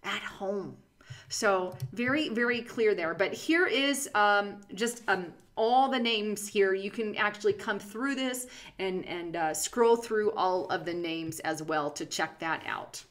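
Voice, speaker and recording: A woman's voice: medium pitch, takes it slowly, fairly bright tone. A young woman commenting on political documents she scrolls through on screen, emphatic and sarcastic, with fillers and slips.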